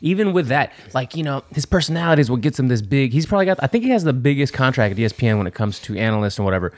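A man co-hosting a casual podcast, talking quickly and easily and chiming in with short agreements. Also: mid-range voice, animated, dry recording. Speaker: podcast co-host.

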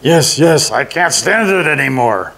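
A man's voice: a little high, animated, measured pace, pushed and bright, exaggerated voice. An older man voicing a big, fat, greedy male goblin who wails and complains in a storybook reading. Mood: whiny. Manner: wailing, complaining.

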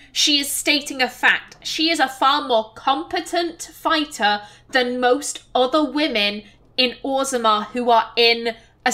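A woman gives casual commentary on a let's play, chatting and thinking out loud about her choices. She has a high, bright voice and speaks at a relaxed, unhurried pace.

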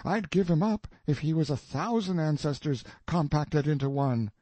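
A man's voice: fairly high pitch, moderate pace, dark tone, dry recording, pitched above the performer's own voice, lightly acted. A man reading the part of an anxious, easily alarmed companion in an audiobook, speaking plaintively. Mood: anxious pleading. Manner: pleading, plaintive.

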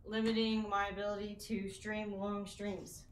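A woman's voice: medium pitch, little pitch movement, normal speed, slight background noise. A woman chatting with her live-stream viewers while working out, counting reps and catching her breath. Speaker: fitness streamer. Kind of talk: live-streamed workout chat. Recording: roomy sound, mic at a distance.

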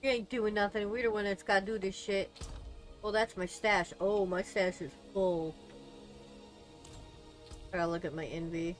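A woman's voice: medium pitch, steady tone, moderate pace, long pauses, soft background music. A woman from the United States streaming a game, chatting casually with profane, joking banter. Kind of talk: casual let's-play chat.

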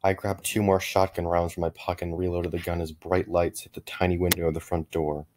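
A middle-aged man narrating a first-person horror story in a measured way, with frequent small restarts. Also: sits low, little pitch movement, a little mellow, a little hiss or hum.

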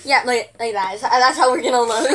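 A woman's voice: a little high, fairly quick, fairly bright tone, slight background noise. A woman reviewing a product in casual chat, sarcastic and giggly, often exasperated.

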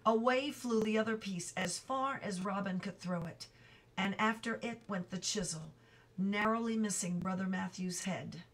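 A woman reading a children's book aloud, slowly and carefully, with small slips she stops to correct. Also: medium pitch, far from the mic, rough recording. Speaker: reader.

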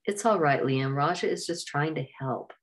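A woman voicing a shy young woman who speaks nervously and tries to smooth things over, in a storybook reading. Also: deep voice, moderate pace, natural voice. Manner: nervous, soothing. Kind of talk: storybook narration.

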